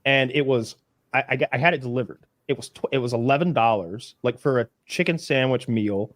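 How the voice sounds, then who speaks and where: A man on a podcast, telling stories in an animated, exaggerated way. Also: medium pitch, brisk, no room sound, studio quality. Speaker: podcast co-host. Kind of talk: casual podcast chat.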